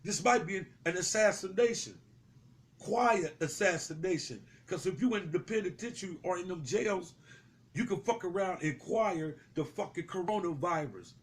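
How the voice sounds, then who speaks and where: A man's voice: high-pitched, expressive, normal speed. A young man giving heated, profane street commentary, confrontational and repetitive, swearing freely.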